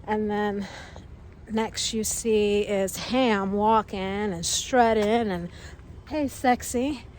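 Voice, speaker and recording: A woman chats her way through a casual walking-tour vlog, exclamatory and thinking aloud. Her voice sits at an ordinary middle pitch. She records outdoors on a handheld camera, with a faint hum of the town behind her. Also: steady tone, slow pace, darkish tone. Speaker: travel vlogger visiting film locations.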